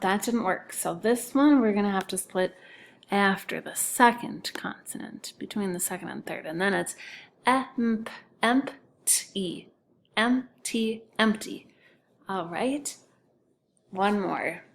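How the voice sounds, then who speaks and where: A woman's voice: medium pitch, normal speed, creaky, a little hiss or hum. A woman teaching a recorded phonics lesson to second graders, patiently sounding out words syllable by syllable and often whispering letter names.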